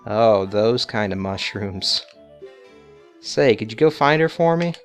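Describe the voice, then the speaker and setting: A man's voice: on the low side, expressive, slow, faint music behind. A man voicing an old potion-selling hag woman in an old-time 1950s announcer manner. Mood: cheery.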